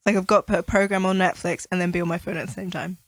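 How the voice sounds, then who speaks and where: A woman hosting a podcast, casual and playful with quick teasing quips. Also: fairly low pitch, little pitch movement, no room sound. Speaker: podcast host. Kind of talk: casual chat.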